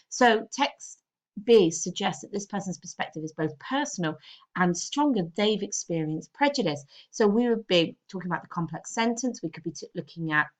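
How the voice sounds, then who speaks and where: Woman, English teacher, recorded lesson delivery, explanatory, frequent check-ins with the class. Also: medium pitch. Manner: explanatory, checks in with students often.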